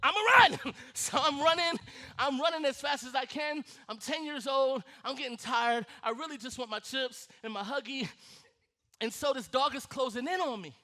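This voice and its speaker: A man preaching with a strikingly high, bright voice. He tells his stories in an animated way, laughing and acting out the scenes as he goes. The delivery has a forceful edge that carries. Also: normal speed. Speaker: pastor. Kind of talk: sermon.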